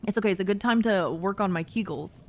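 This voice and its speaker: A woman's voice: medium pitch, quick pace, a little mellow, a little hiss or hum. A woman streamer joking and chatting while playing a horror game. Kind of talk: casual gaming commentary.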